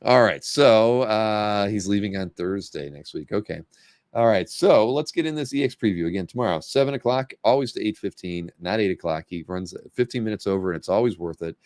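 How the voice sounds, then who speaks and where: Man, low voice, casual livestream host, rambling, laughing, dry close sound. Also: a little fast, a little mellow, no room sound. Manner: rambling, self-correcting, laughs often. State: losing his voice. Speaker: show host.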